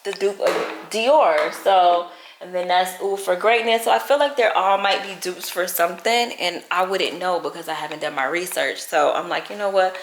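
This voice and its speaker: Woman, vlog chat, animated venting, bright tone, echoey room, faint noise. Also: lowish voice. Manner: animated, venting with lots of "baby" and "like". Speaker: vlogger. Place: at home.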